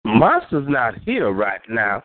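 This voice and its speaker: A man voicing a pompous, overly formal gentleman on a phone line. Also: mid-range voice, huge pitch swings, takes it slowly, dry recording. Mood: haughty. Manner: stiff, overly formal diction.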